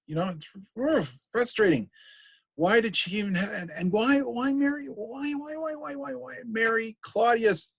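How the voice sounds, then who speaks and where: A man's voice: extremely high pitch, unhurried, gravelly, fairly bright tone, slightly rough, pitched above the performer's own voice, heavily acted. A man voicing a grieving young prince who is anguished and exasperated, firing off repeated questions.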